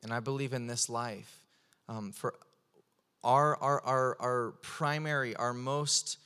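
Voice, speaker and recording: A young man preaching a sermon, telling stories with animated, fervent intensity. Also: mid-range voice, slow, clear, resonant tone, in a large hall.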